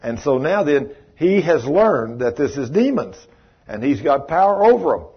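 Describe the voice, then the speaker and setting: Husky preacher man. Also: fairly high pitch, normal speed. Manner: folksy, animated storytelling with acted quotes. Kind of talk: storytelling sermon. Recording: dull lo-fi sermon recording.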